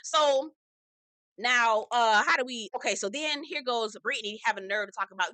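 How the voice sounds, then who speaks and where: A woman's voice: fairly high pitch, moderate pace, pushed and bright, no room sound. A woman casually recapping a reality TV episode in a sassy, profane, gossipy way, slipping into impressions of the cast. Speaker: reality TV reviewer.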